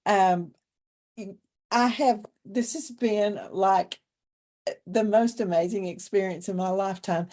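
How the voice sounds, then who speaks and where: A woman's voice: mid-range voice, takes it slowly, dark tone. An older woman with a Southern drawl, folksy, sassy and playful. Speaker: speaker.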